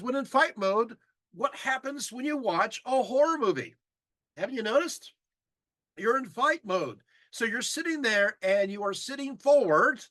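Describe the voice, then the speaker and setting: Lively male lecturer, high voice with big swings, dry close sound, acts out audience reactions. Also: dry recording.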